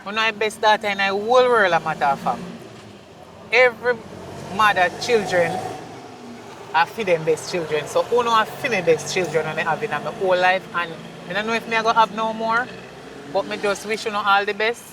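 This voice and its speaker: A woman's voice: medium pitch, brisk, background noise, natural voice. A woman as a remorseful Jamaican mother. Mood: heartfelt apology. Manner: pleading, apologetic, speaks in patois. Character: remorseful mother apologizing to her grown daughter. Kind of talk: film acting.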